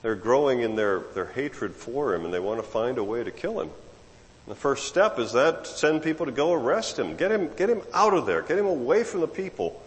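A male preacher delivers a sermon in a relaxed, conversational manner, fairly quickly, often repeating words as he builds toward a point. His animated pitch swings widely, and his voice echoes with the long reverb of a large hall.

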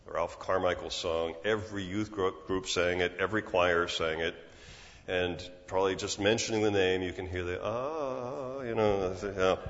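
A man's voice: low-pitched, moderate pace, fairly bright tone. A man in his sixties preaching a sermon in an earnest, conversational way, often restarting his phrases. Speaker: pastor. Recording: muffled sound with long reverb in a large hall.

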